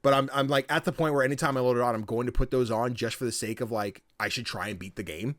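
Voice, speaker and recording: Animated guy co-hosting a podcast, laughs a lot, dry close sound. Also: medium pitch, fast, dry recording. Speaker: podcast co-host. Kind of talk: casual chat.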